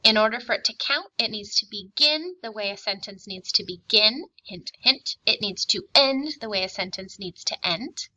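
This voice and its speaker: A woman teacher giving a recorded spelling and grammar lesson, reading words and sentences slowly and clearly, patient and encouraging. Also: medium pitch, expressive, sharp tone, poor audio. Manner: slow, clearly enunciated dictation, patient and encouraging.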